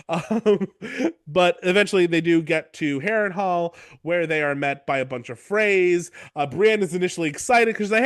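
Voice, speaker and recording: A man hosting a podcast, casually recapping book chapters in a rambling, profane way and slipping into quick character voices. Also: fairly high pitch, clear, resonant tone, dry recording, clean studio sound. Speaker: podcast host.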